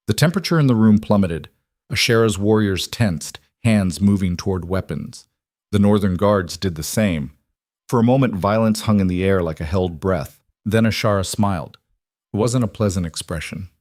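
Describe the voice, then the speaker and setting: A man narrating a story in a measured, dramatic scripted style. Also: low-pitched, no room sound, clean studio sound.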